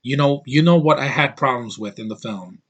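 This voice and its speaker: An American man in a middle-pitched voice, talking in a loose, emphatic vlog rant. He talks in blunt opinions and keeps tripping over and restarting his sentences. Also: husky, highs cut off. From United States. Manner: opinionated, emphatic, quick to dismiss things; frequent restarts and stammering. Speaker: vlogger.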